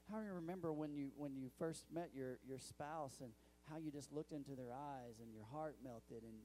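A young male pastor preaching in a church. His voice sits a little high but sounds mellow and relaxed. He tells stories in a chatty way and often restarts his sentences. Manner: storytelling and conversational, with many restarts. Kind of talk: sermon. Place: church sanctuary.

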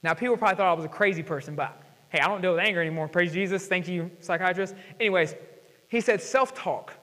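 Young guy pastor with a high voice preaching, slangy asides, slow heavy scripture reading, big echoey church hall. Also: bright, forceful tone. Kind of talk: sermon. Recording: church hall with long reverb.

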